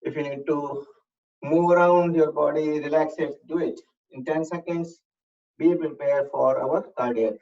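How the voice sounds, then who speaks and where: A fitness instructor guiding a workout at an unhurried pace, counting reps aloud and coaching calmly. The voice sits a little back from the microphone, and the recording sounds somewhat dull and muffled. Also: mid-range voice. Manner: calm, measured coaching with breathing reminders. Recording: distant, slightly dull room recording.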